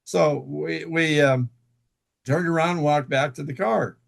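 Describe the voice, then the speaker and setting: A man telling a long personal story as an interview guest, halting, with many fillers and restarts. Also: fairly high pitch, gravelly. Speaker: guest author.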